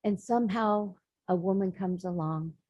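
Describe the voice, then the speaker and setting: Mellow husky woman telling a story. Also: medium pitch, moderate pace, no room sound, low-quality recording. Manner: dramatic storyteller voicing characters. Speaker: spiritual speaker. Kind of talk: storytelling sermon.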